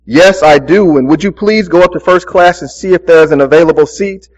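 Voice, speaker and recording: A man's voice: on the high side, brisk, lo-fi sound, lightly acted. A pastor voicing a haughty, demanding wealthy woman passenger in a story he tells during a sermon. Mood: indignant. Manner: indignant, demanding.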